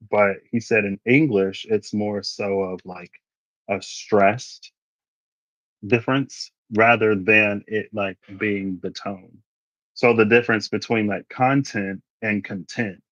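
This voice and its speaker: A man's voice: fairly low pitch, fairly even intonation, a little slow, fairly bright tone, no room sound. A man giving a casual tarot reading, thinking aloud and wandering into asides. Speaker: tarot reader. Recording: dry, slightly muffled recording.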